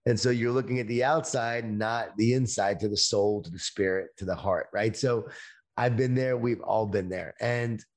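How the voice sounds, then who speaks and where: A middle-aged man speaking as an interview guest, talking about leadership in a slow, emphatic motivational way over a video call. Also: on the low side, steady tone.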